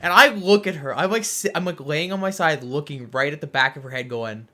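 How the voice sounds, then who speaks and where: A young man on a casual podcast, telling a story with lots of laughs and acted-out quotes. His voice is bright and forceful and sits a bit high for a man. He keeps the chat animated. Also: a little fast. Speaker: podcast co-host.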